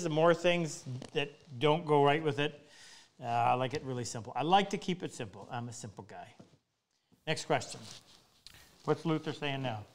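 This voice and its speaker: A woodworking teacher hosting a live Q&A, chatting in a self-deprecating way and rambling through anecdotes. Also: male voice, on the high side, a bit bright, clear, resonant tone. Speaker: woodworking teacher and show host. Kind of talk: live Q&A, casual storytelling. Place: woodworking workshop.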